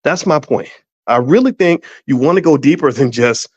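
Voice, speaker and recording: A middle-aged man hosting a finance show, talking straight to his audience in a casual, emphatic way, with many restarts and lively storytelling. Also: mid-range voice, normal speed, breathy edge, no room sound. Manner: emphatic, repetitive restarts, storytelling with exaggerated voices. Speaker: finance educator and show host. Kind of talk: casual direct-to-camera commentary. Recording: dry, dull lo-fi sound.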